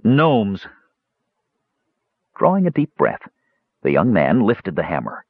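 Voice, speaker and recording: Man narrating fantasy, animated pitch, husky, dry close recording. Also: moderate pace, no echo, phone-quality sound. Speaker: audiobook narrator.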